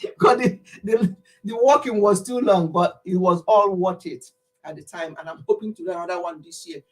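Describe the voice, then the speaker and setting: A woman's voice: lowish voice, moderate pace. A woman hosting a casual home livestream, chatting to viewers by name and laughing often, a little out of breath from exercising. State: slightly out of breath. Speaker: livestream host. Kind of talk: casual livestream chat with singing.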